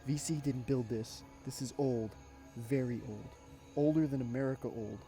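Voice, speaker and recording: A man voicing a frightened male soldier with a Cajun accent, hushed and tense, breaking into urgent warnings. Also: mid-range voice, normal speed, soft background music, close to an everyday voice. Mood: fearful whisper.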